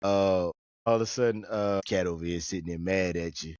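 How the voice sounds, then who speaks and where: A man hosting a podcast in casual chat, an animated storyteller who jumps into high-pitched voices when he quotes people. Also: a little fast, dry recording, muffled recording. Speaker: podcast host.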